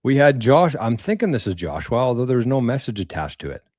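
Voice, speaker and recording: A man's voice: mid-range voice, sing-song, fast, darkish tone, no room sound, studio quality. A man hosting a casual live stream, thanking viewers for tips in a rambling way, repeating words and using mild slang. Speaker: livestream host reading viewer tips.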